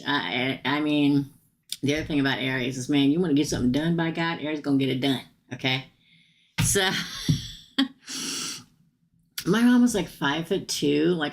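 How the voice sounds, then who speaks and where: A middle-aged woman with a hoarse, worn voice, hosting a casual live tarot reading, chatty and laughing often as she talks to the viewer. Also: a bass voice. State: hoarse, losing her voice.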